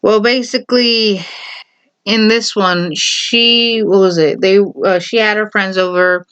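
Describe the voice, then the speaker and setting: Young woman vlogger, casual opinion chat, animated and exclamatory, mid-pitched, on a muffled low-fi recording. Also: takes it slowly, clean tone. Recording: dull lo-fi recording.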